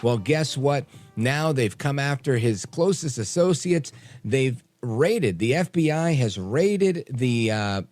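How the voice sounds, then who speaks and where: A man hosting a late-night talk radio show, animated and opinionated with quick asides. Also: mid-range voice, dry recording, faint music behind. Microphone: studio microphone.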